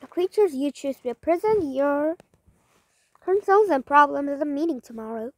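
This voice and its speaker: A woman's voice: high voice, expressive, normal speed, no room sound. A woman voicing a sensible, big-eared female mouse who urges the other animals to cooperate. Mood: earnest.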